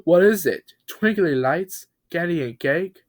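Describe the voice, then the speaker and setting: A man voicing a panicked talking cartoon truck in a high, shrill, frantic voice. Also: takes it slowly, exaggerated voice. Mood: anxious. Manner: shrill, excited, then swearing in horror.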